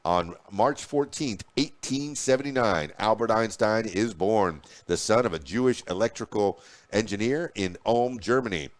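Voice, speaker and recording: A man's voice: lowish voice, normal speed. A man hosting a podcast, reading news headlines and history facts aloud with small slips and restarts. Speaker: podcast host.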